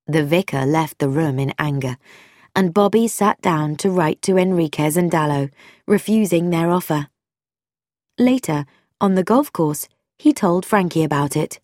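Female audiobook narrator, low and expressive, measured; dry close mic. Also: no room sound. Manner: clear, measured storytelling.

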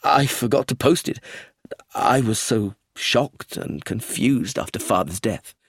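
A man's voice: mid-range voice, lively intonation, unhurried, gravelly, husky, no echo, clean studio sound, heavily acted. A man reading a storybook, voicing a clumsy, anxious middle-aged businessman who pleads eagerly. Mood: earnest, flustered.

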